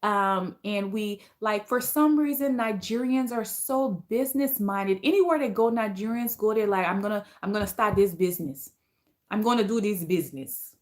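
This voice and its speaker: A woman's voice: mid-range voice, moderate pace. A woman with a Liberian accent chatting casually on a livestream, reading viewer comments aloud and responding to them. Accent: Liberian English.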